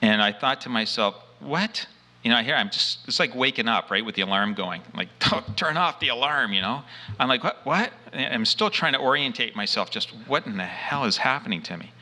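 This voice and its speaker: A man with a low-set voice and a bright, cutting edge to it tells his own story earnestly and with force. He leans into the key words and slips into the lines he spoke back then. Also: fairly quick. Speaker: abduction experiencer. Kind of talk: first-person testimony.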